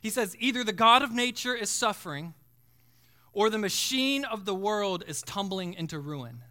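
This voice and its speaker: Bright high-voiced preaching man. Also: animated, moderate pace. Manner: preaching with dramatic swells from hushed to shouting. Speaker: pastor. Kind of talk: sermon.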